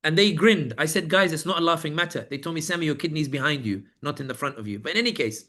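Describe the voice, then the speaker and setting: A man from Britain recounting his detention, telling it as an animated story and acting out the guards and other inmates. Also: on the high side, quick pace. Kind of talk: personal account at a press event.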